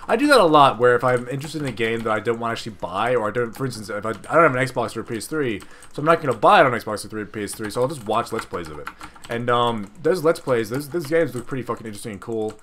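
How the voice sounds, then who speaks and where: A young man talking over his gameplay in a loose, rambling way, swearing freely and starting sentences over. His voice sits at an ordinary middle pitch, and he gets excitable when something grabs him. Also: fast, slight background noise. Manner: rambling, profane, excitable, with many restarts. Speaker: gaming video creator. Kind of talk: casual gameplay commentary.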